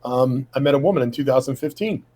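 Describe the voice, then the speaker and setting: A man's voice: mid-range voice, fast talker, mellow, slightly rough, rough recording. A middle-aged man sharing a personal testimony from his home office, talking in a rambling, casual way with many fillers and quoted dialogue.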